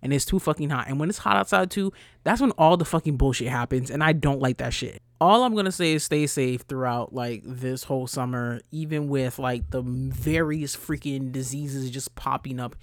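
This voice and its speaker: A woman's voice: normal speed, hardly any pauses, dry recording, clean studio sound. Blunt, profane woman from New ranting. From New York, USA. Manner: blunt, profane, exasperated, swings loud and high when riled. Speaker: podcast host. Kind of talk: casual ranting monologue.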